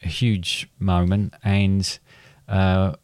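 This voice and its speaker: A middle-aged man tells a family story as podcast co-host, often stumbling and repeating words. His voice sits on the low side. The recording is close and dry with no room sound. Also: level tone, drawn-out words, darkish tone, no room sound. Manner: hesitant, repeats words, gets choked up. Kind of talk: casual storytelling chat.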